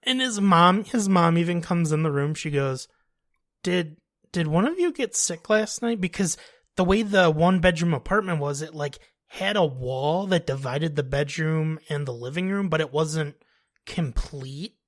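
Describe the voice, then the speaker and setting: A man's voice: a little high, normal speed, fairly bright tone, no echo, studio quality. Crude joking young man telling a story. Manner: crude, joking, laughs through stories. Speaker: podcast co-host. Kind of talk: casual storytelling.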